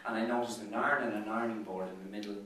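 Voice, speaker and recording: Here the Irish after-dinner speaker sounds on the low side and steady in tone, yet still fast, bright and forceful as he shares chatty business anecdotes at the golf club. He stutters on repeated words, and a far-off mic in a very echoey room catches slight background noise.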